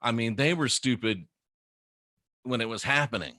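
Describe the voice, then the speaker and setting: A middle-aged man rants straight to camera in a mocking, scornful tone. His voice is sharp and forceful, and the recording is close and dry with no room sound. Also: mid-range voice, expressive, normal speed, dry recording. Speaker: former minister turned critic. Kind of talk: ranting monologue to camera.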